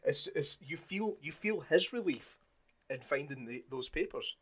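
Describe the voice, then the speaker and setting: A man co-hosting a podcast in casual chat, lively and swearing, acting out movie scenes in put-on voices. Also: on the high side, a little slow, breathy edge. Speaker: podcast co-host.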